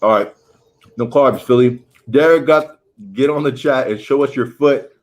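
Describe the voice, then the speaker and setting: A man's voice: mid-range voice, normal speed. Chatty man hosting a food livestream. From Haiti. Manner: chatty, reads viewer comments aloud. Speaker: livestream host. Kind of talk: casual livestream chat.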